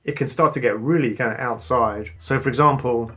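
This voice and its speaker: A man giving a casual guitar lesson, relaxed and enthusiastic, pausing to play between phrases. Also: mid-range voice. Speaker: guitar teacher. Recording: clean guitar loud behind. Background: guitar playing.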